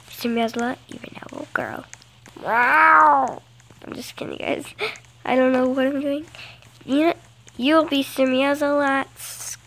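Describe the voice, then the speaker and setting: A woman's voice: high voice, fairly bright tone, slight background noise, low-quality recording. A girl chatting playfully through a phone game, gasping and breaking into bits of song. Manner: playful and chatty, gasps and sings in bursts. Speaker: gameplay vlogger. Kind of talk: casual game commentary. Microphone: phone screen recorder.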